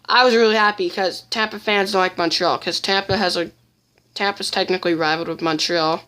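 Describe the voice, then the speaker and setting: A woman's voice: fairly low pitch, fairly even intonation, fairly quick, a bit bright. A woman giving casual countdown commentary as a fan vlogger, blunt and opinionated, often restarting her sentences.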